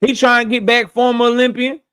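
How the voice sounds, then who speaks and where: A young man with a strikingly high voice hosts a boxing talk show. He is blunt and profane, and he says his points twice for emphasis in casual, opinionated commentary. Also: level tone, a little fast, fairly bright tone, clean tone.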